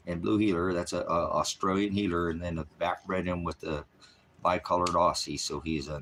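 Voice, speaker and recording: An American man, an online preacher, chatting casually on a livestream and cooing at his dogs in a soft baby-talk voice. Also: deep voice.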